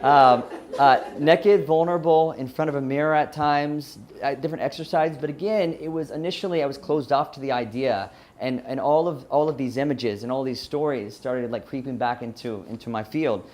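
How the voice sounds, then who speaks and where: A man's voice: medium pitch, normal speed, hardly any pauses, a little mellow. A man from Louisiana with a Southern twang, giving a personal story talk, earnest and often restarting himself. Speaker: speaker.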